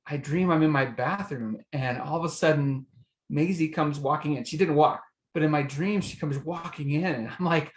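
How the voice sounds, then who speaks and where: A man, a bereaved father, telling his story as a guest, halting and repeating words as he starts his sentences. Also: a little high. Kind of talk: personal storytelling. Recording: roomy echo.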